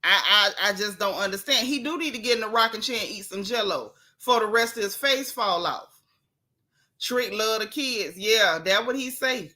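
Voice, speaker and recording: A woman's voice: medium pitch, moderate pace, bright, forceful tone. A woman from Central Florida hosting a live stream, giving casual gossip commentary in a sassy, blunt way and greeting her viewers by name as she talks. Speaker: livestream gossip host.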